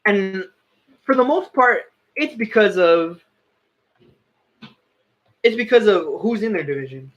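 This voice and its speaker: A man's voice: high voice, expressive, slow pace, pauses often, lo-fi sound. A young man giving casual, opinionated sports commentary, often correcting and restarting himself.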